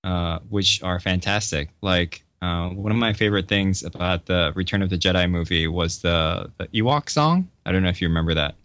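A man's voice: low-pitched, normal speed, hardly any pauses, fairly bright tone, no room sound. A man talking casually on a podcast, telling stories with lots of fillers and laughter.

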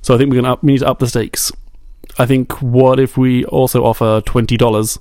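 A man's voice: mid-range voice, flat delivery, fairly quick, darkish tone, dry recording, clean studio sound. A man co-hosting a podcast in casual chat, playful and reading his messages aloud in a mock-dramatic way. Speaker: podcast co-host.

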